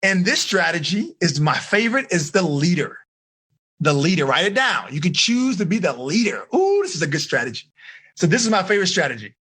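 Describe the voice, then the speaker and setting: A man from the United States giving a lively live seminar to teenagers as a life coach, coaxing his audience to answer and acting out little quoted scenes. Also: sits high, a little fast, breathy edge. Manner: animated, coaxing the audience, acts out quoted voices. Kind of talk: energetic live seminar talk.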